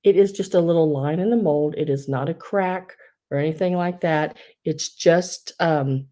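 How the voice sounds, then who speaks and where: Hosting a live-stream sale, a middle-aged online auction seller chats away, raving about collectible figurines and reading bids aloud. She speaks at normal speed in a low, mellow voice.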